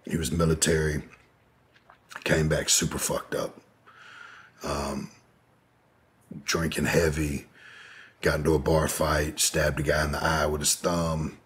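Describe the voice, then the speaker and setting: A man's voice: extremely low pitch, flat delivery, slow pace, long pauses, fairly bright tone, slightly rough. A man telling a personal story in an interview, in a laid-back, rambling way, with lots of "you know". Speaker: podcast guest.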